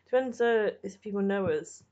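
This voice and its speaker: A woman's voice: mid-range voice, moderate pace, darkish tone. A woman co-hosting a podcast from home, teasing and giggling through the banter. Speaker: podcast co-host. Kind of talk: casual comedic banter. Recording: dull lo-fi home recording.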